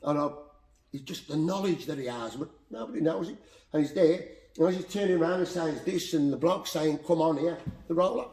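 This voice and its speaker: A boxing coach with a Black Country accent, telling heartfelt stories in an animated, repetitive way as a podcast guest. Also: male voice, a little high, fairly quick. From Black Country, England. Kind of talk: emotional storytelling in conversation. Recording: roomy echo.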